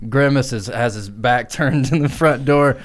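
A man's voice: mid-range voice, moderate pace. A man co-hosting a comedy podcast, telling a crude improvised story in a rambling way. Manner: rambling, crude, giggling asides. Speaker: podcast co-host.

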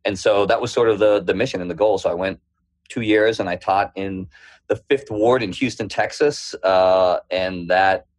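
A man with a thick Boston accent, a podcast guest telling lively stories and acting out the voices of people in them. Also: low-pitched, normal speed. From Boston area. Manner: lively, acts out quoted voices in his stories. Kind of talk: storytelling interview.

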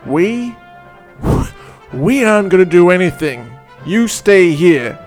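A man's voice: sits high, big pitch swings, takes it slowly, faint music behind, pitched above the performer's own voice, exaggerated voice. Man doing a curt dismissive adventurer.

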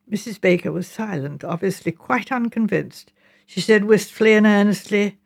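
A woman reading a mystery novel aloud in a measured, expressive storytelling manner. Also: medium pitch, gravelly, husky. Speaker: audiobook reader. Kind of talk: audiobook narration of a mystery novel.

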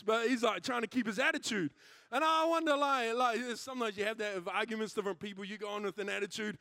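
A man's voice: very high-pitched, a little fast, no room sound, clean studio sound. A man preaching a sermon, telling stories energetically and acting out the people in them. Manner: animated storytelling, acting out quoted characters. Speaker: pastor.

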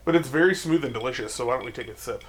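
A man's voice: medium pitch, rapid-fire, slight background noise. A man co-hosting a casual podcast, chatty and rambling, laughing often. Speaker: podcast co-host. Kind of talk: casual chat.

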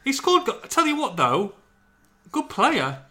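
A man's voice: very high voice, huge pitch swings, a little slow, pushed and bright. A man hosting a casual football podcast, chatty and joking as he tells stories. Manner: chatty, joking, often laughing while telling stories. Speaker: podcast host.

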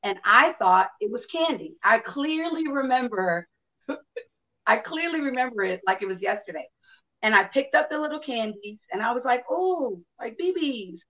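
A woman's voice: on the high side, moderate pace, lo-fi sound. Woman candidly telling a personal story. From Chicago. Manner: candid, animated storytelling with acted-out quotes and swearing.

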